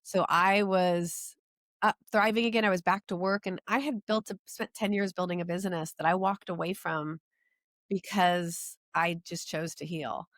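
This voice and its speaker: A woman's voice: on the low side, steady tone, normal speed, fairly bright tone, no echo, studio quality. An older woman, a podcast guest, telling her story in an earnest way that tumbles along with many restarts. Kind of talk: personal storytelling in an interview.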